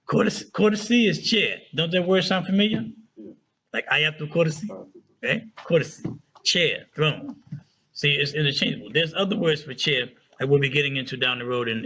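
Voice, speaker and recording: A man's voice: on the high side, bright, forceful tone, a little hiss or hum. Chatty man teaching a lesson, dull recording. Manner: chatty, checks in often with "right?" and "okay?"; slows down to spell out Arabic words. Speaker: Arabic teacher. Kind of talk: casual classroom lesson.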